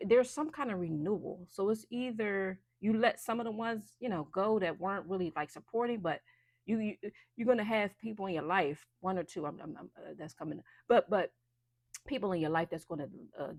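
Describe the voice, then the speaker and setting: A woman's voice: mid-range voice, fairly quick, a little mellow, dry recording, clean studio sound. A woman giving a casual, chatty intuitive card reading, loose and full of fillers. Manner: chatty, loose, many fillers and restarts, laughs often.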